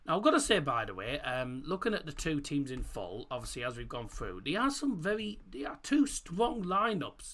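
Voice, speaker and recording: A man's voice: medium pitch, fairly bright tone. A man hosting a live football watchalong, chatting casually with corny jokes and stopping to correct how he says player names. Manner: chatty and jokey, corny puns, stumbles over player names and corrects himself. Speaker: host of a football watchalong stream. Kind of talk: casual live-stream chat. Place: room at home, indoors.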